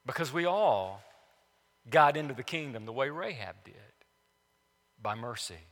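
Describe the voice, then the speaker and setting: In a church sanctuary with a long reverb tail, a male pastor delivers his sermon at a measured pace. His medium-pitched voice is expressive and emphatic, repeating key phrases and shifting between loud proclamations and hushed asides.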